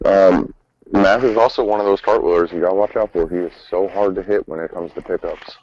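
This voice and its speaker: A man's voice: sits low, steady tone, brisk, darkish tone, a little hiss or hum. A man hosting a casual gaming chat, rambling with lots of fillers and self-corrections, over a muffled online call. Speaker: host. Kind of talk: casual tournament preview chat.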